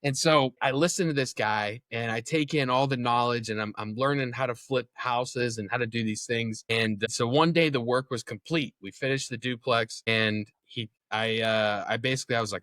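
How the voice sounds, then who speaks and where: A man's voice: mid-range voice, a little fast, few pauses, fairly bright tone, no echo. A young man as an interview guest, telling his story in a candid, casual way, swearing freely and acting out what others said.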